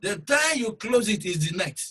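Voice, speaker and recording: A bright, high-voiced man preaching. He moves between loud, urgent exhortation and quiet, low asides. His tone stays sharp and forceful throughout. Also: very animated, moderate pace, breathy edge, poor audio. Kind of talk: sermon.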